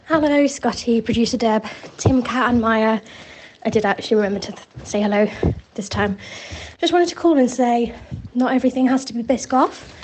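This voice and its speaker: A woman's voice: on the high side, normal speed, a little mellow, a little hiss or hum. A woman leaving a chatty, rambling voicemail for a podcast while slightly out of breath. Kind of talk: casual voicemail.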